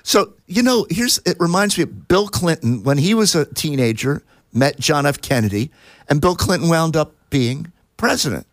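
A man's voice: on the high side, lively intonation, moderate pace, dry recording, studio quality. A man who is a guest on a radio show, chatting casually and eagerly sharing music trivia. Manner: enthusiastic trivia-sharer. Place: radio studio.

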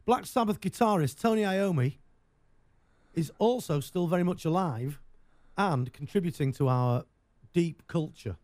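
A chatty English man on the radio, rambling from one joke to the next. His pitch swings widely as he talks, with a mellow, warm tone. The sound is close and dry. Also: lively intonation, unhurried, no echo. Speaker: radio show host. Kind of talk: casual on-air banter.

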